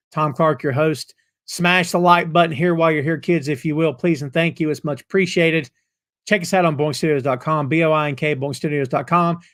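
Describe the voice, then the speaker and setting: A middle-aged man hosting a live wrestling talk show, folksy and jokey as he banters with viewers. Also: on the high side. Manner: animated, folksy, jokey banter with chat readers. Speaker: podcast host.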